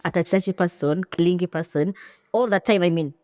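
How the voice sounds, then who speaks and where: A woman co-hosting a casual podcast chat, speaking in an opinionated, animated way and acting out quoted lines. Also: lowish voice, moderate pace, no echo. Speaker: podcast co-host.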